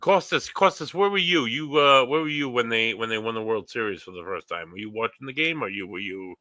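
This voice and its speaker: A man's voice: medium pitch, lively intonation, brisk, sharp tone, dry recording. A man co-hosting a casual live-streamed chat, telling rambling stories full of quoted voices. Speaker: podcast co-host.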